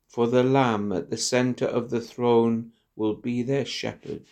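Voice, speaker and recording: Slow, gravelly man reading scripture. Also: mid-range voice, a little mellow. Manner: slow, measured, solemn reading. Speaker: lector.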